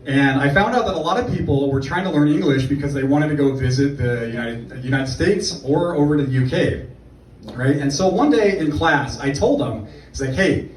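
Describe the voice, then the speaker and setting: A man's voice: fairly high pitch, lively intonation, normal speed, a little hiss or hum. Man doing sarcastic stand-up, echoey club. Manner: sarcastic, rambling storytelling with asides. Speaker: stand-up comedian. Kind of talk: stand-up comedy set. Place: comedy club stage. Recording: echoey club room from far off. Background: audience laughter.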